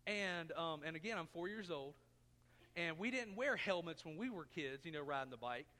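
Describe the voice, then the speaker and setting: A man's voice: a little high, lively intonation, moderate pace, bright, forceful tone. A man in his thirties preaching a sermon, telling a personal story in a folksy, self-mocking way. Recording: long reverb of a church hall.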